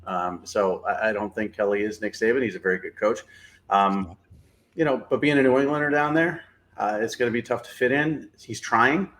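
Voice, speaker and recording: A man's voice: lowish voice, moderate pace, fairly bright tone. A middle-aged man hosting a sports show, giving blunt, opinionated analysis in casual talk with lots of fillers.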